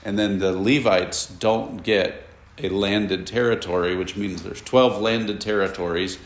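A man's voice: fairly low pitch, fairly even intonation, measured pace, a little hiss or hum. A man teaching a classroom Bible lesson, explaining at length and asking his students questions, with casual asides. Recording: echoey room.

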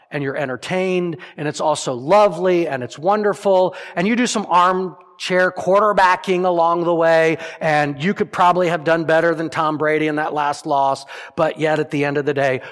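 A man preaching a sermon as pastor, emphatic and earnest, acting out imagined prayers and dropping to soft, solemn lines. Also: a little high. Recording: long hall reverb.

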